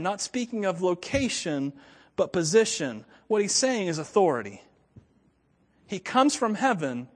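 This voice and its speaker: High-voiced man preaching in a reverberant space. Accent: Southern US. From Florida, US. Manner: conversational, chuckles often, asides to the audience. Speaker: pastor. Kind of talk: sermon.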